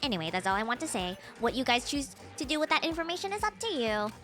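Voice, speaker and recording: Taunting bear mascot, as a streamer puts him on. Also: female voice, sits high, big pitch swings, fast talker, a bit bright, faint music behind. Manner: gleeful, taunting. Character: mocking bear mastermind mascot, male. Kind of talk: reading game dialogue aloud.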